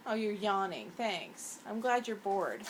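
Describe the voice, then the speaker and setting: A woman's voice: medium pitch, very animated, measured pace, a little hiss or hum. A woman talking to her pet parrot at home in coaxing baby talk, recorded on a phone held close. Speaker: pet owner.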